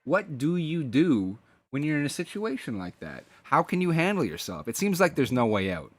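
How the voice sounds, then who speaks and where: A man's voice: a little high, sing-song, moderate pace, no room sound. A man co-hosting a casual podcast, rambling and hesitant with frequent restarts. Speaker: podcast co-host.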